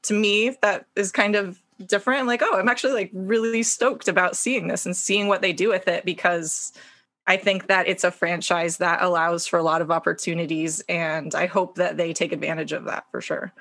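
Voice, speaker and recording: Eager female podcast guest with a bright, lowish voice, recorded dry and close. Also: steady tone, moderate pace, dry recording. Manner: eager, peppered with "you know". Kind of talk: casual podcast chat.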